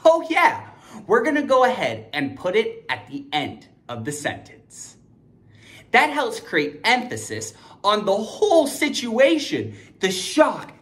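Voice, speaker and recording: A young woman teaching an online grammar lesson, upbeat and emphatic, cheering on her students. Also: mid-range voice.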